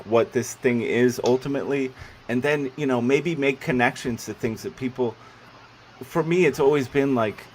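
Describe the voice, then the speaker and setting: A man hosts an online panel with excitable energy, laughing often and dropping casual swears. His pitch sits in an ordinary middle range. A faint hiss of noise runs under his voice. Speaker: podcast host running a pitch panel.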